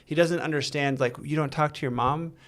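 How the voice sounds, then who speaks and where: A man with a slightly higher voice speaks earnestly, stopping and restarting as he works through a hard personal story. His delivery is candid, conversational and unpolished. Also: steady tone, a bit bright. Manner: earnest, halting, with many restarts. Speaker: interview guest. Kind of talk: candid storytelling in a recovery interview.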